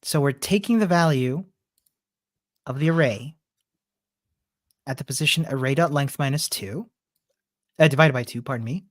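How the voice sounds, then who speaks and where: A woman's voice: very deep voice, normal speed, long pauses, no echo, clean studio sound. A woman patiently explaining code step by step in a live lesson. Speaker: coding instructor.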